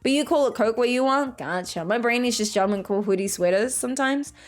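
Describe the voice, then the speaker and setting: A fairly high-voiced woman in her thirties chats casually on a gaming stream. She reads viewer messages aloud and laughs often as she talks. Faint game music plays underneath. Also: a little fast. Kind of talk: casual chat while gaming.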